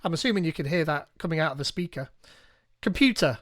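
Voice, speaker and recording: A man hosting a live tech tutorial, reading instructions aloud and thinking out loud as he goes. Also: fairly high pitch, rapid-fire, no echo, studio quality. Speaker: tech streamer.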